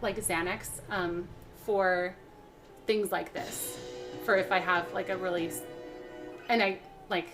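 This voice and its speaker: A young woman hosts a cooking livestream in a lowish voice with fairly even intonation, talking slowly and pausing often. Her casual chat rambles along with many fillers and restarts, and faint background music plays.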